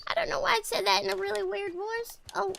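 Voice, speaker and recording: A woman's voice: very high voice, quick pace, gravelly, a bit bright, full character voice. A woman streaming a game in character as a bashful male cowboy outlaw, stammering and rambling with frequent laughs.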